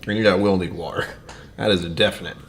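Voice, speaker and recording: A man's voice: low-pitched, steady tone, fast talker. A man streaming a casual whiskey tasting, rambling to his viewers and muttering asides that sink to near-whispers. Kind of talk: casual livestream chat.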